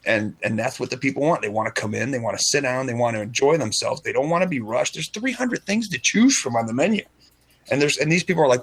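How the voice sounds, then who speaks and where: Husky-voiced man telling rambling stories. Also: medium pitch, animated, quick pace. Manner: rambling storyteller acting out dialogue; frequent restarts and stutters. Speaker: restaurant server. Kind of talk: casual radio chat.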